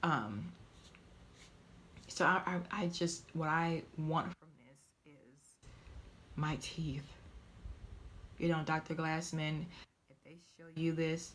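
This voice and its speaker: Woman, low voice, emotional vlog, halting speech, soft whispers, faint room hum. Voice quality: often drops to a soft whisper. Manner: halting, tearful, stumbling over words. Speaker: vlogger.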